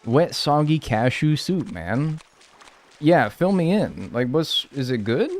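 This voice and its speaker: A man's voice: a little high, big pitch swings, slow pace. A man streaming live, chatting casually and joking as he reads and answers his chat.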